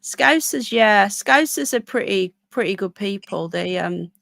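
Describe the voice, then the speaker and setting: A Birmingham woman from England hosts a live stream, chatting casually, rambling and reading out viewer comments. Her medium-pitched voice is animated, a little slow, creaky and a bit bright, with no echo.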